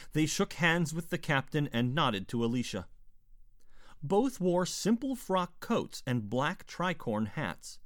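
A man narrating a historical adventure novel in a measured storytelling voice, lightly voicing the characters' dialogue. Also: mid-range voice, dry recording, studio quality. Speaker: audiobook narrator. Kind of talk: scripted narration.

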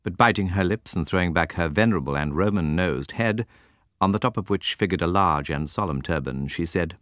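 A man narrating a classic novel as an audiobook, with measured, expressive storytelling. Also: sits low, no echo, studio quality.

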